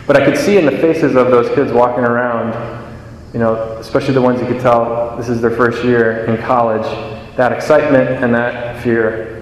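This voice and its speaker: A man's voice: medium pitch, fairly even intonation, normal speed, slight background noise. A young man giving a homily in a chatty, self-deprecating storytelling manner. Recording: echoey church with long reverb.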